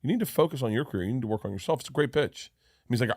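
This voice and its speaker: A man's voice: medium pitch, lively intonation, racing, darkish tone, no echo, studio quality. A man telling rambling, self-deprecating stories in a casual podcast chat, with many restarts. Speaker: comedian guest.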